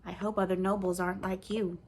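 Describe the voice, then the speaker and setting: A big, guarded young girl answers bluntly and drily, her speech carrying a slight lilt, as a woman reads her part aloud. The voice sits near the reader's own, pitched low and plain. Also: little pitch movement, brisk, slight background noise, close to an everyday voice. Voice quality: lilting speech. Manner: gruff, blunt, dry.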